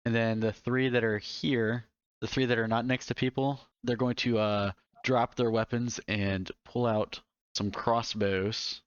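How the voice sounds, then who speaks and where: A man's voice: medium pitch, unhurried, clean tone, dry recording. Dry-voiced man running a game. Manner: steady, explains rules and narrates enemy moves. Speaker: dungeon master. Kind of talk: running a tabletop game over voice chat. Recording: dry, slightly dull mic.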